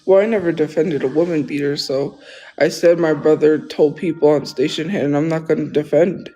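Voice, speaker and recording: A man's voice: on the high side, fairly even intonation, a little fast, warm tone, slight background noise, rough recording. A man talking casually on a livestream, rambling and defensive, often restarting his sentences.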